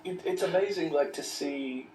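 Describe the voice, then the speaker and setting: A man's voice: fairly high pitch, normal speed, a little mellow, echoey room, distant mic, a little hiss or hum, rough recording. A man speaking earnestly as a podcast guest in casual conversation, often restarting his sentences.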